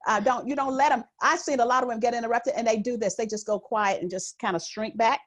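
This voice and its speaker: A woman's voice: fairly high pitch, fast talker. A woman guest author in an interview, speaking with authority, projecting her voice, often laughing and acting out what others say. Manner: animated, laughing, acts out quoted remarks. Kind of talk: interview conversation.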